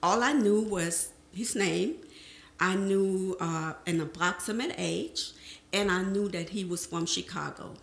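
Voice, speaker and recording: This middle-aged woman, speaking on a panel in a presentation room with a roomy sound, shares her life story with an audience and vividly acts out past conversations. Her mid-range voice carries some vocal fry, and she takes her time.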